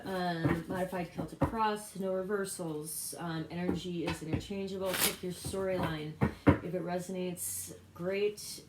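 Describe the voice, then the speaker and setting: Rambling low-voiced woman reading tarot. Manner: rambling, self-interrupting, loose asides. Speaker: tarot reader. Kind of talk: casual spiritual tarot reading. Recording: echoey room with loud background noise. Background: card shuffling clicks.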